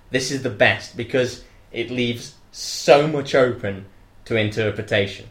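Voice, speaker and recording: A young man chats and jokes in a loose, rambling way, now and then bursting into loud mock shouts. His voice sits in a middle pitch. The room around him has a clear echo. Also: a little slow. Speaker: co-host. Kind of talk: casual comedic chat. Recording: echoey room.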